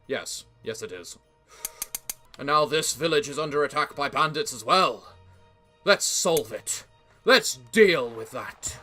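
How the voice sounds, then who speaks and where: A man doing let's play commentary, excitable and joking, who shouts during fights. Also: on the high side. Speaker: gaming channel host.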